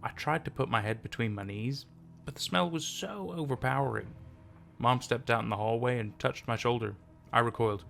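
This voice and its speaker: A man narrating a first-person horror story in a steady, measured reading. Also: mid-range voice, vocal fry, faint music behind.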